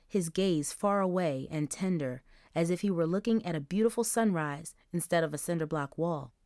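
A woman reading a novel aloud as an audiobook narrator, clear and even. Her voice sits a little low. The recording is dry and close, with no room sound. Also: dry recording. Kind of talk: scripted narration.

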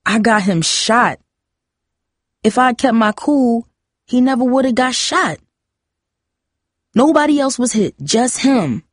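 A woman voicing a shaken teenage boy who blames himself, speaking in a halting, guilt-ridden way. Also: a little high, lively intonation, no room sound, clean studio sound, pitched above the performer's own voice.

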